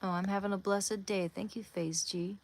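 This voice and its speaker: A woman's voice: mid-range voice, steady tone, normal speed, creaky. A woman in her thirties chatting casually on a live stream from home, reading and answering viewer comments as she talks. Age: 30s. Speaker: livestreamer. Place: home, near a bed. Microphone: phone or device camera.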